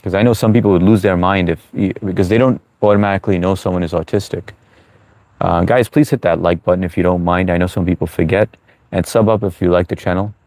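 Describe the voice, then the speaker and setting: Male streamer, very low voice, dry close sound, laid-back and chatty as he reads chat. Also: steady tone, quick pace, a little mellow, no echo. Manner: laid-back, chatty, greets viewers as bro and man. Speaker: live streamer. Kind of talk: casual live-stream chat reading viewer comments.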